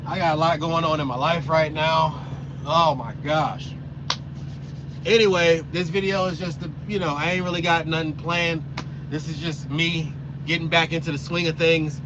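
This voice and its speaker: A man's voice: fairly high pitch, lo-fi sound, background noise. A man, a trucker, chatting loosely and rambling with lots of slang during a live stream from his truck cab. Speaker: trucker vlogger. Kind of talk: casual live stream chat.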